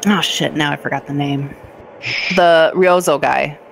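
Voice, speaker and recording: A woman's voice: low-pitched, fairly even intonation, unhurried, vocal fry, noisy background. A woman chatting on a gaming stream, reading in-game text aloud and adding chatty asides. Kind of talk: casual gaming chat.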